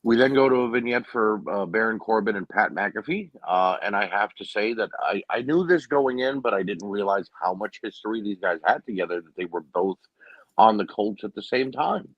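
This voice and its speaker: A fairly low-voiced man recaps wrestling matches in a casual, opinionated way. His voice comes through a dull, muffled, dry recording with no room sound. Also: moderate pace, no echo. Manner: opinionated, frequent "you know what I mean". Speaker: podcast co-host.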